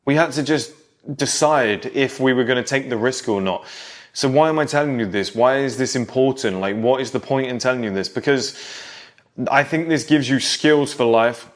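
A man in his thirties speaking directly to younger men, telling stories from his youth and acting out scenes in a lecturing way. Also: mid-range voice. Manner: direct, lecturing storyteller who acts out scenes. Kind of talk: storytelling monologue.

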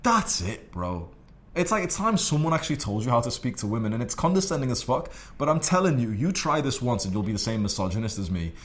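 A young man delivers a profane advice monologue in a blunt, condescending way. His pitch swings widely as he lectures, and he swears in nearly every sentence. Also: sing-song, quick pace. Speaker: dating advice host.

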